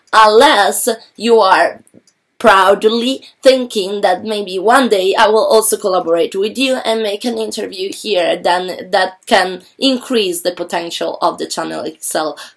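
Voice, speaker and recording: A woman from Italy with an Italian accent, a channel host addressing viewers casually in English, rambling and chatty, her voice a bit rough. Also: medium pitch. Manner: chatty, rambling, with frequent fillers.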